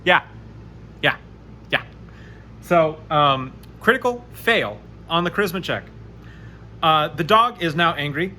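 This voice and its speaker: A man narrating a solo tabletop game, chatty and animated as he rolls dice aloud. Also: a little high, slow pace, pauses often, slight background noise. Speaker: game master playing solo.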